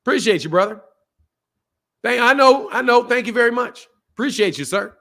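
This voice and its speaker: A man's voice: extremely high pitch, expressive, moderate pace, gravelly, fairly bright tone. A man hosting a live-streamed boxing talk show, reading super chats and firing back at trolls, often repeating himself. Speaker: boxing channel host.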